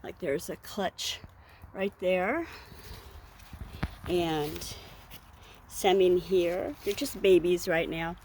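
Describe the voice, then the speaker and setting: A woman's voice: fairly low pitch, steady tone, drawn-out words, long pauses, a little mellow, slight background noise. A woman chatting casually in a vlog while walking outdoors through her garden, rambling and laughing now and then, a little out of breath. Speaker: vlogger.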